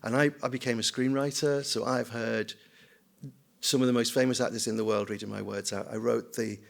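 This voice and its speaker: A man's voice: medium pitch, steady tone, fairly quick, creaky. An older man, a screenwriter and children's writer, giving an anecdotal, self-deprecating conference talk and mimicking voices. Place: conference hall.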